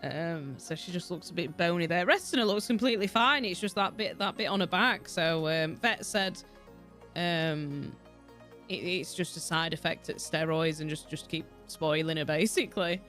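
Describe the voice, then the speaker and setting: A woman's voice: lowish voice, normal speed. Chatty Yorkshire woman streaming a game. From Yorkshire, England. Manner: chatty, rambling, swears freely, frequent laughter. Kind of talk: casual livestream chat while gaming. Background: soft background music.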